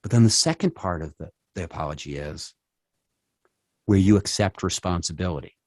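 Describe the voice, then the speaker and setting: A man's voice: deep voice, normal speed, darkish tone, no room sound, clean studio sound. A middle-aged man speaking at a church, acting out quoted apologies with many restarts. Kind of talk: conversational church talk.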